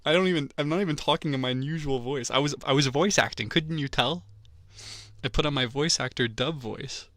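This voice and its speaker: A man streaming a quiet casual chat, teasing playfully and quick to laugh, close to the mic. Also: medium pitch, no room sound.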